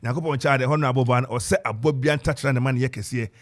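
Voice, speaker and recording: A man's voice: mid-range voice, fast talker. Ghanaian man hosting live radio. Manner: rambling, filler-heavy roll call of guests. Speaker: radio host. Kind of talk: live radio talk show. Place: radio studio.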